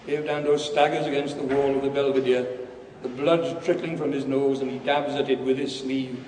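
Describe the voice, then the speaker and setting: A man's voice: mid-range voice, flat delivery, normal speed, darkish tone. Wry man reading in a hall. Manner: wry, earthy storytelling. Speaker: author reading his work. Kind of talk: live public reading. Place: large performance venue. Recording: echoey hall from far off, faint hum.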